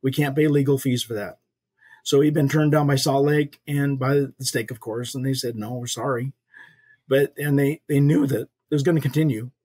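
Husky older man telling a heartfelt story. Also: mid-range voice, steady tone, a little fast, a little mellow. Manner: earnest, folksy storyteller acting out quoted voices. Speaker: podcast guest. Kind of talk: storytelling testimony.

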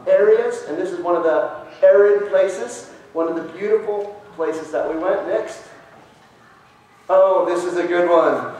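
A man, a pastor, giving a children's message in church, talking in a lively way and asking the children questions. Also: high voice. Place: church sanctuary. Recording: very echoey church from far off.

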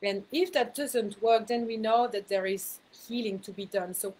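A woman's voice: fairly high pitch, normal speed, darkish tone, a little hiss or hum, poor audio. A woman speaking as a spiritual mentor, giving a casual talk to her viewers in a chatty way, laughing at herself and repeating words for emphasis.

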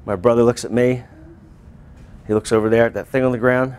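A male teacher telling a class a lively personal story in a school classroom. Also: medium pitch, a little fast, smooth. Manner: animated, acts out voices and screams.

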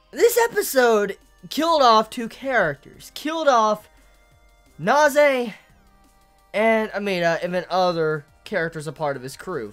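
A woman reviewing anime in an angry, profane rant, stumbling over and repeating her words. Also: mid-range voice.

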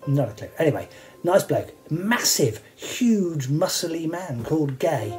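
A man's voice: fairly high pitch, big pitch swings, a little slow, a little mellow, faint music behind, poor audio. A man hosting, telling rambling, wry anecdotes with many asides and fillers. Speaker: host sharing stage rigging anecdotes.

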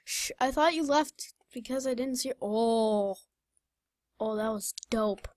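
A young woman chatting casually while playing a game, excitable, blurting out reactions and laughing. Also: a little high, takes it slowly, no echo, studio quality. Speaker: gamer. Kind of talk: casual gaming chat.

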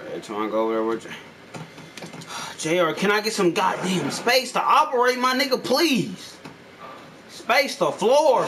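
A young man hosting a gaming channel, loudly and profanely ranting at a teammate during gameplay commentary. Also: on the high side. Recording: noisy home gameplay capture.

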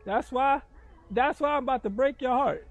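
A man's voice: very high-pitched, normal speed, muffled recording. A man vlogging a casual outing with family, full of teasing, playful banter.

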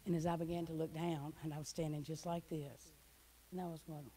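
A middle-aged woman, a guest speaker giving an emotional church testimony that swings from hushed to loud. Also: deep voice, flat delivery, fairly quick, a little hiss or hum, rough recording. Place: church hall.

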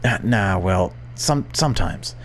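A jittery young man calling in to a radio show, voiced by a man playing through a game, stumbling and repeating himself as he talks. His voice sits a little low and uneasy. There is a faint background hiss. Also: expressive, measured pace. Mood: nervous. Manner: nervous, stammering. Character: jittery young male night-owl caller.

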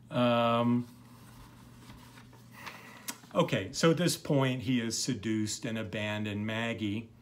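Brief: middle-aged male lecturer, unhurried, rambling, lots of ums. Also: medium pitch. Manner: relaxed, rambling, many fillers. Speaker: literature teacher. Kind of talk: recorded lecture.

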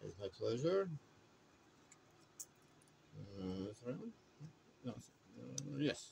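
A man's voice: medium pitch, very animated, moderate pace, vocal fry, background noise. A man vlogging from a shop counter on his phone, rambling and stammering with wry remarks. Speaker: vlogger filming a shop visit. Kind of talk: casual running commentary.

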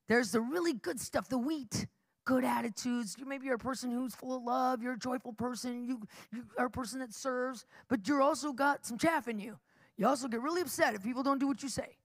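A middle-aged woman preaches live, telling stories animatedly, laughing often and acting out the people in them. Her voice is high-pitched and a little fast, in a dry recording.

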